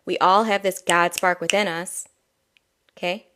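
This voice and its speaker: A woman who is an intuitive healer, giving a soft, rambling spiritual reading with frequent laughs. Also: fairly low pitch, steady tone, measured pace, clear, resonant tone. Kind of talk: casual spiritual guidance talk.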